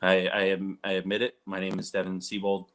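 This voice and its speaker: A man's voice: low voice, completely flat delivery, brisk, a bit bright. A man in his thirties chatting casually to camera, rambling and poking fun at himself with frequent restarts. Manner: rambling, self-mocking, restarts often. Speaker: vlogger.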